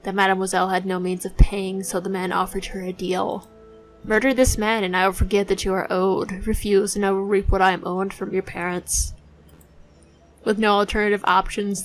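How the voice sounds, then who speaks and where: A woman voicing a smooth, evasive male detective in disguise in a game, speaking in a suave, theatrical way. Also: medium pitch, natural voice, rough recording. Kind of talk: voicing a visual novel let's play.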